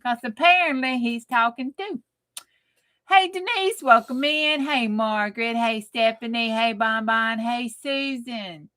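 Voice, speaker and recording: A woman's voice: on the high side, a little slow, pushed and bright. A woman with a twang hosting a casual late-night crafting live stream, joking, bawdy and laughing as she greets viewers by name.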